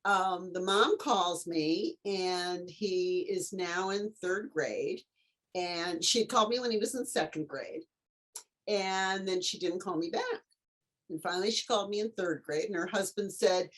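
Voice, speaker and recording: A middle-aged woman, an author and tutor, telling a story as an interview guest in an animated way and acting out the voices of the people in it. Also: on the low side, moderate pace.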